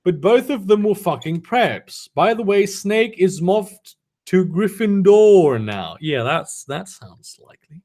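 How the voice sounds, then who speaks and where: A man reads a badly written story aloud in a high, bouncing voice and keeps stopping to mock it. His tone stays sarcastic and amused. His pitch swings a lot from line to line. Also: lively intonation, takes it slowly, a little mellow. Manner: sarcastic, mocking commentary between read lines. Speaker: reader of fan fiction. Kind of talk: comedic dramatic reading with asides.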